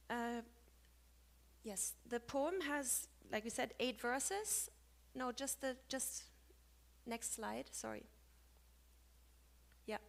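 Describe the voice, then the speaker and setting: A woman's voice: a little high, creaky. A woman giving a conference talk on Sanskrit poetic meter, chatty and full of small self-corrections. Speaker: lecturer.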